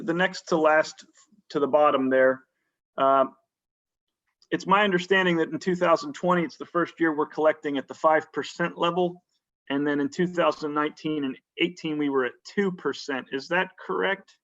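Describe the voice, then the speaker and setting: A man on a county board asking careful, measured questions in a public meeting, often restarting his sentences. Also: a little high, fairly bright tone. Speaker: county supervisor. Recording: dull lo-fi meeting audio.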